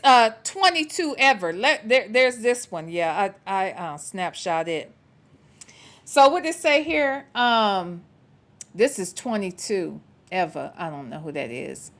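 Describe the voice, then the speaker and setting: A woman's voice: on the high side, a bit bright. A woman hosting a livestream show, chatting casually and answering viewer comments in a blunt, profane way. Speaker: show host.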